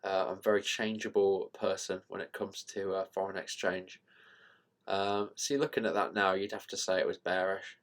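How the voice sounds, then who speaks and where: A man with a fairly low voice talks his way through trading charts in a loose, thinking-out-loud ramble. He trails off, corrects himself and shrugs things off as he goes, a casual host at his desk mic. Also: level tone, moderate pace. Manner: rambling, self-deprecating, thinking out loud with fillers. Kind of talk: casual screen-share market commentary.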